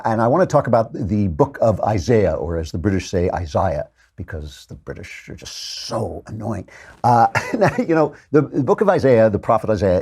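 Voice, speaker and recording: A man's voice: fairly low pitch, dark tone. A man in his sixties hosting a podcast, talking in a wry, chatty way with frequent fillers and restarts. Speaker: podcast host. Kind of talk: casual monologue with scripture reading.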